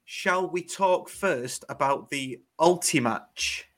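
A man's voice: a little high, slow pace, a bit bright. An Englishman co-hosting a casual fan podcast, laid-back and hesitant with fillers. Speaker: co-host.

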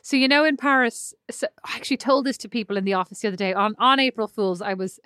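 A woman in her thirties telling lively personal anecdotes in a casual chat, laughing often. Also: on the high side, fast talker, clean tone, no room sound, clean studio sound. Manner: animated anecdotes, laughing often, acting out quotes.

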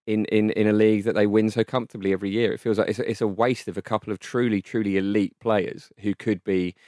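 Fast-talking wry man. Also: fairly low pitch, fairly even intonation, a little mellow, no echo. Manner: quick, wry, dry humour. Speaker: podcast co-host. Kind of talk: casual chat.

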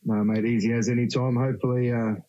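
A man's voice: medium pitch, flat delivery, fast talker, dark tone. An Australian man as a podcast guest, rambling easygoing chat with frequent restarts. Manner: rambling, easygoing, laughs often. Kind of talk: casual interview chat. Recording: slightly dull lo-fi sound.

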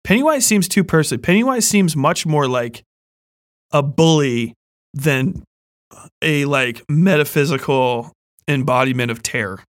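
A man's voice: fairly high pitch, expressive, unhurried, no room sound, clean studio sound. A young man hosting a casual horror review chat, rambling, swearing a lot and laughing often. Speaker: podcast host.

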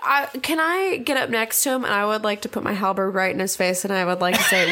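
A woman's voice: medium pitch, quick pace, very noisy. A woman playing a tabletop game, blunt, swearing and laughing as she plays. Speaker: player.

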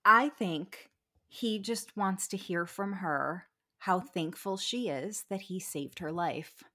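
A woman's voice: fairly low pitch, slow pace, pushed and bright. A woman co-hosting a casual recap podcast, reacting emphatically and agreeing often. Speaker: podcast co-host.

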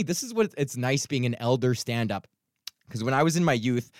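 A man's voice: fairly high pitch, fairly bright tone, no room sound, clean studio sound. A man from Edmonton, Canada, hosting his podcast as a stand-up comic in a rambling, profane solo rant. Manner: profane, ranting, heavy swearing; rambling with restarts and fillers.

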